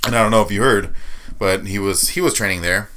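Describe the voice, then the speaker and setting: A man's voice: on the low side, brisk, pushed and bright, slight background noise. A man co-hosting a podcast, telling loose stories with laughs and swearing in casual chat. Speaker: podcast co-host. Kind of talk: casual chat about fighting sports.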